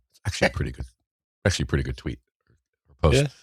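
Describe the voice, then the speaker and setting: A deep-voiced man hosts a casual news podcast, wandering through stories with a wry, offhand humor. He often trails off mid-sentence. His voice sits close to a dry, dead mic. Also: big pitch swings, rapid-fire, long pauses, slightly rough, no room sound. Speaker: podcast host.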